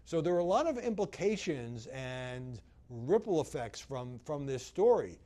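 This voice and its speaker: A man delivering news commentary as a media commentator, measured and analytical, with frequent "uh" fillers. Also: mid-range voice, sing-song, mellow.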